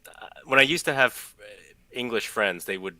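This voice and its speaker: A man's voice: mid-range voice, normal speed, bright, forceful tone, dry recording. A man filling in as guest co-host on a podcast, making dry, wry jokes in casual chat.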